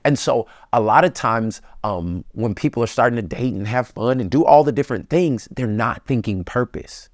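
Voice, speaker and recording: A man's voice: medium pitch, normal speed, few pauses, dry recording. Emphatic preacher-like man in a dry studio. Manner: preacher-like, emphatic, colloquial, builds to excited peaks. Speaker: pastor; guest. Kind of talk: relationship advice conversation.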